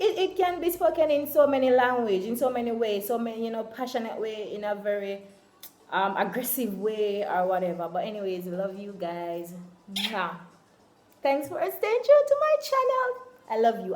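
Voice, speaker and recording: A woman's voice: mid-range voice, moderate pace, darkish tone, reverberant. A young Jamaican woman talking casually to her viewers in a vlog, chatty and full of fillers. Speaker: vlogger.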